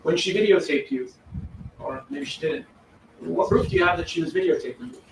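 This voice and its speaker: A man cross-examining a witness in court, pressing with quick questions and demanding yes-or-no answers. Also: a little high, huge pitch swings, gravelly. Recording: echoey, distant, noisy courtroom audio.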